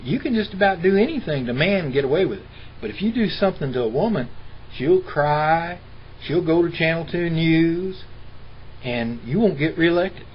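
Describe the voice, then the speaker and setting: A man's voice: a little high, lively intonation, moderate pace. A middle-aged man telling stories in an interview, argumentative and mimicking the people he quotes. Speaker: interview guest. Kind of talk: impassioned personal storytelling. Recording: dull lo-fi recording with faint hiss.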